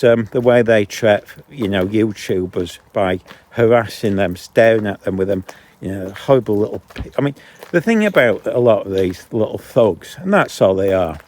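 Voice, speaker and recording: A man with a low voice, vlogging while walking his dog along a canal and ranting indignantly between remarks to the dog. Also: a little mellow. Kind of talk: casual outdoor vlog ranting. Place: outdoors on a canal towpath. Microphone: handheld camera.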